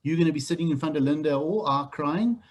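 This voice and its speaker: South African trainer, middle-aged man, husky and fairly high, blunt and teasing delivery for group training. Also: fast. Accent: South African English. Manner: blunt, animated, teasing the room. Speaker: real estate trainer. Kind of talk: training talk to new agents.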